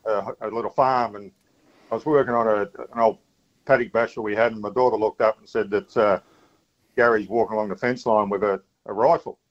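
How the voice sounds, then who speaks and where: A man's voice: lowish voice, steady tone. Laconic man on a dull line. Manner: laconic, halting storyteller. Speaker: radio caller. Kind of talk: phone-in storytelling.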